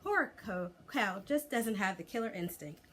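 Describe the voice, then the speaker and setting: A woman reading aloud voices a gloomy, awkward young boy who talks in a slow, glum drawl. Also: medium pitch, expressive, a bit bright, a little hiss or hum.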